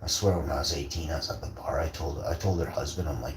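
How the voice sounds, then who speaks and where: A man's voice: deep voice, huge pitch swings, moderate pace, pushed and bright. A man tells rambling stories, swearing freely and bragging as he goes. He is recorded in an echoey room with a faint hiss of background noise. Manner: profane, rambling, boastful. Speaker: vlogger. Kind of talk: casual storytelling rant.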